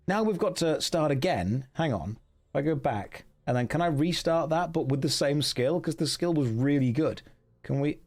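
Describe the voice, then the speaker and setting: A man streaming a gamebook, chatting with his viewers about their votes and reading the story passages aloud. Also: mid-range voice. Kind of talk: live-streamed gamebook play with chat votes.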